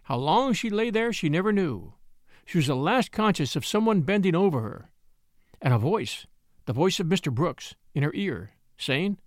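A man narrating a classic story as an audiobook in an expressive storytelling manner. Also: on the high side, moderate pace, no echo, studio quality.

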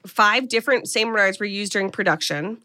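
A woman's voice: mid-range voice, fairly quick, sharp tone. A woman co-hosting a podcast in casual chat, retelling a film's plot in a chatty way, swearing casually and quoting characters with small voice shifts. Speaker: podcast co-host.

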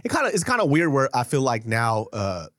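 A man's voice: medium pitch, huge pitch swings, brisk, a bit bright, dry recording, clean studio sound. A man in his thirties co-hosting a podcast, talking candidly and casually, with easy swearing. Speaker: podcast co-host.

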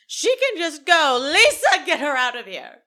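A woman mimicking an indignant, tearful middle-aged woman hosting a dinner, in a shrill, haughty, dramatic voice. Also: sing-song, fast, bright, forceful tone, exaggerated voice.

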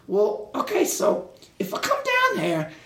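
A man doing a shrill, paranoid rock star. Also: wildly swooping pitch, a little slow, heavily acted. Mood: self-important. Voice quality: high, strained voice breaking into shouts. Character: paranoid, self-important rock star man, hot-tempered. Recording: roomy echo.

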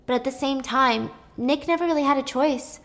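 A woman casually retelling a film plot, animated and chatty with lots of fillers. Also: high voice, normal speed.

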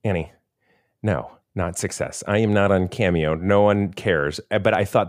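A man co-hosting a podcast in casual, joking, animated chat with frequent restarts. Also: low-pitched, moderate pace, no room sound, studio quality. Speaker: podcast co-host.

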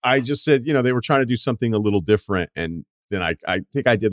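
A man's voice: mid-range voice, lively intonation, fast, few pauses, no room sound, studio quality. A man hosting a sports podcast, telling a story in a loose, casual interview chat.

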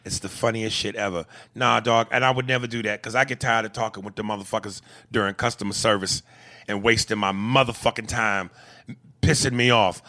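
A man hosting a podcast, reading listener emails aloud in casual chat, profane and quick to laugh. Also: fairly low pitch. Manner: profane, laughing, animated reader.

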